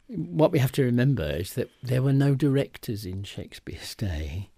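An older theatre director talks thoughtfully in a radio interview and taps out rhythms with his voice as he explains. His voice is gravelly and mellow. The recording is close and dry. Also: medium pitch, dry recording. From trained in England. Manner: thoughtful, demonstrates rhythm aloud. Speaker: theatre director and actor, guest.

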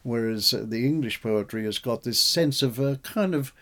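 A man's voice: mid-range voice, normal speed, a bit bright. A man speaking in an interview about translating an old poem. He talks with animation and breaks into recited lines of verse. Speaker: poet and translator. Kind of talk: conversational interview.

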